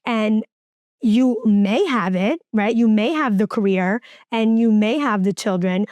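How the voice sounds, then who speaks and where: A woman's voice: mid-range voice, lively intonation, a little slow, a little mellow, no echo. A woman hosting a podcast, speaking in a casual chat, making her points emphatically and building her argument step by step. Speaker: podcast host.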